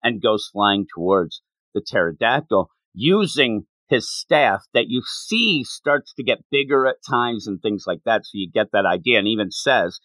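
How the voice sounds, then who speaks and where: A man's voice: on the low side, expressive, moderate pace, a bit bright, no room sound. A young man co-hosting a manga podcast, retelling scenes with playful voices. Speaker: podcast co-host. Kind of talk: casual manga discussion.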